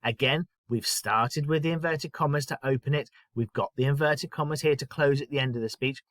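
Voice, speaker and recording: A man teaching a primary school lesson in a clear, patient way. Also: mid-range voice, brisk, no echo. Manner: clear, patient explaining with lively emphasis. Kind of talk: recorded lesson.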